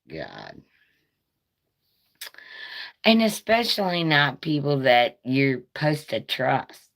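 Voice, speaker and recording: Raspy-voiced woman chatting slowly. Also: extremely low pitch, wildly swooping pitch, bright, forceful tone. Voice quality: raspy, smoker-like voice. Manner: nervous, rambling, profane. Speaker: live streamer. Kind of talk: casual live-stream chat.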